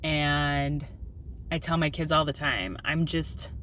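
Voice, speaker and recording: Woman, thirties, mom vlogger, lowish voice, confessional, candid, faint background hiss. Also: slow pace, fairly bright tone. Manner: open and confessional, with filler ums and self-deprecating laughs. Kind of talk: candid personal vlog.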